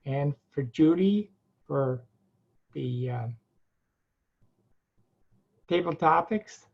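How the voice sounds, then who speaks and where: Halting Devon man, dull lo-fi audio. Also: a little high, lively intonation, creaky. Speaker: club president. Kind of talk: casual meeting remarks.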